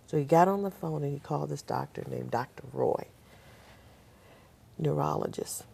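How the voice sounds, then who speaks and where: A woman's voice: low-pitched, normal speed, gravelly, pauses often, mellow, a little hiss or hum. An older woman, a guest on a talk show, telling a personal story and acting out the voices of the people in it.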